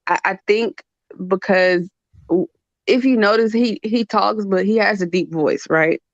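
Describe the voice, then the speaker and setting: A woman in her thirties hosting a casual podcast chat, blunt and animated, laughing as she tells stories. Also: mid-range voice, a little slow, no echo. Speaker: channel host. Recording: dull lo-fi dry sound.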